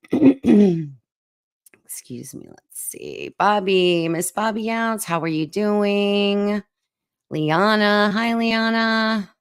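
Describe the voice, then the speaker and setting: A woman's voice: mid-range voice, extremely slow, clean tone, no room sound, studio quality. A woman hosting a casual livestream chat, greeting viewers one by one with lots of fillers, her voice cutting in and out. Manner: warm greetings to viewers by name, many fillers. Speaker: livestream host.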